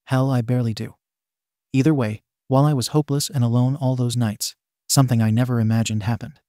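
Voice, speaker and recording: A man's voice: medium pitch, steady tone, brisk, dark tone, no room sound, studio quality, lightly acted. A man voicing a bitter, scarred young male villain confronting his father in a fan fiction reading, menacing and accusing.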